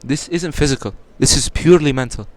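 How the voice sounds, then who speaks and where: A man's voice: mid-range voice, a little fast, a little hiss or hum. A young man answering as a podcast guest in casual talk, explaining earnestly and building emphasis.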